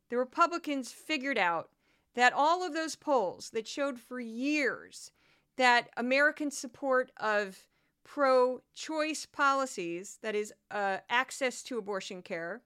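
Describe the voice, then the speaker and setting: A woman hosting a political commentary podcast, talking in an animated, indignant way and rattling off long lists with ums and uhs. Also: sits high, takes it slowly, clear, resonant tone. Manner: animated, gets worked up and indignant. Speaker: podcast host.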